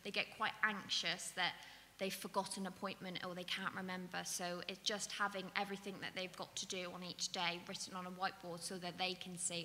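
This woman speaks briskly in a low-leaning voice that sounds pushed and bright, with little pitch movement. As a trainer at an event, she patiently explains dementia care to an audience, peppering her talk with ums and "so," while the hall's echo and a faint hiss come through.

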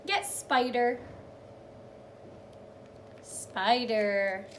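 Reading a picture book aloud to little kids, a young woman teacher uses a high-leaning, steady, fairly bright voice, with slight background noise. Her storytelling is drawn out and sing-song, with acted-out animal sounds and encouraging praise at every step.

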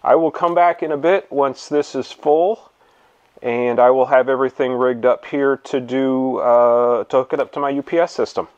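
A man hosting a casual hands-on demonstration in his home garage, relaxed and thinking aloud as he works. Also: mid-range voice, normal speed, highs cut off. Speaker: video host.

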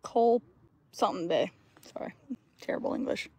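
A woman joins a casual live stream outdoors by the water as a guest. She talks in a relaxed way and laughs easily, and her voice sits in a middle range. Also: mid-range voice, fairly quick. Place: outdoors by a lake dock.

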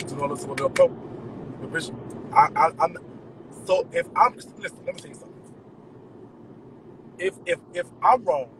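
A man venting to his viewers in an animated, profane, emphatic rant. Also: high-pitched, background noise. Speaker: vlogger. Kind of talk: ranting straight to camera.

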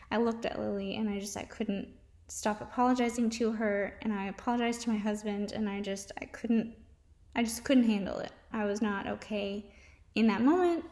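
A young adult woman, a mom vlogger, speaking candidly and haltingly about her own experience, with many restarts and fillers. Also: medium pitch, darkish tone, echoey room. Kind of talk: candid personal testimony.

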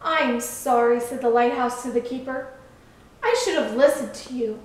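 A woman's voice: fairly high pitch, normal speed, lightly acted. A woman voicing a playful, earnest male lighthouse in a children's storybook. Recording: echoey room, far from mic.

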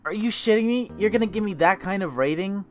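High-pitched man raging over a game. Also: fast talker. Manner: angry profane ranting, frequent cursing. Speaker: gamer. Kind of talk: gameplay commentary. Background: game music.

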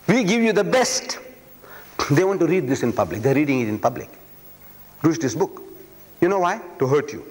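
Male lecturer, rhetorical and emphatic, lively melodic delivery, echoing hall. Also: fairly high pitch. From South Africa. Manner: emphatic, rhetorical, repeats phrases for effect. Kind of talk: public lecture. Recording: long reverb of a lecture hall.

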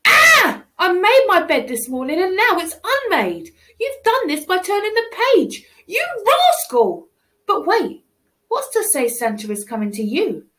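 A woman reading a children's picture book aloud, animated and exclaiming, with pleading asides. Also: extremely high pitch, normal speed. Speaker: storybook reader.

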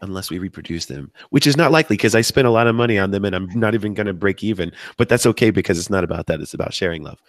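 Podcast host, male, hoarse from a cold, chatty and upbeat, dry close-up sound. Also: animated, fast, no echo. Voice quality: deep from sickness. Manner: chatty, upbeat, wanders off topic. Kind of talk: live podcast hosting.

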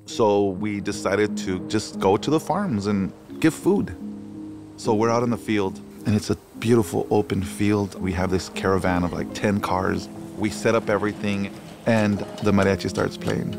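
A man's voice: fairly low pitch, normal speed. A middle-aged man, a restaurateur and chef, telling stories animatedly in an interview and dropping into Spanish phrases, seated on an outdoor patio. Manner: animated storyteller, code-switches into Spanish phrases. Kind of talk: storytelling interview. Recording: music playing under the voice.

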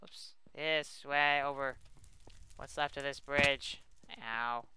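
A man's voice: mid-range voice, steady tone, slow pace, pushed and bright, clear, resonant tone. A young man giving casual let's play commentary, exclaiming and muttering at the enemies he fights. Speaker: gaming video host.

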